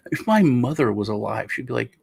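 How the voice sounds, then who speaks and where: A man's voice: mid-range voice, vocal fry, husky, dry recording. A middle-aged man hosting a casual meme review, rambling and joking as he tells stories. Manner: rambling, joking, self-interrupting. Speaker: host.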